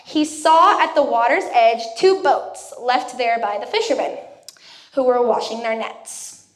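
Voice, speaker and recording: A woman's voice: a little high, unhurried. A young woman giving a youth sermon, telling a personal story in a casual way and acting out what people said. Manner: casual storytelling, acts out quotes. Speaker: youth speaker. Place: church youth room. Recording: echoey room.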